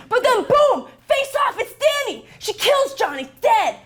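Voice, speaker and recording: Woman comic presenter, brash and profane, high bright pitch, punchy rant. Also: big pitch swings, normal speed, hardly any pauses. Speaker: comedy segment presenter.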